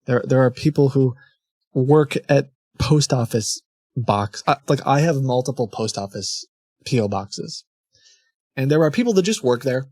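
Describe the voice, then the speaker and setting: A young man on his scam-baiting stream rambles casually, drifting from thought to thought and restarting sentences amid short laughs. His mid-range voice is darkish, with lively intonation and a slightly slow pace, and the sound is dry and close with no room echo.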